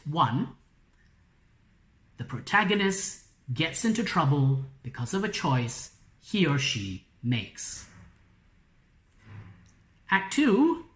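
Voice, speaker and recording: A woman author explaining story structure in a live online workshop, in a slow, clear, explanatory way. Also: fairly low pitch. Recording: echoey room.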